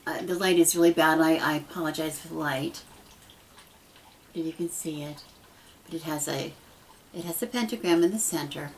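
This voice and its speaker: A woman's voice: low voice, vocal fry, a little hiss or hum, poor audio. A middle-aged woman speaking earnestly and casually to her camera, rambling with restarts as she shares heartfelt thoughts. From United States. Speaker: pagan vlogger. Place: dim room at home. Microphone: camera mic.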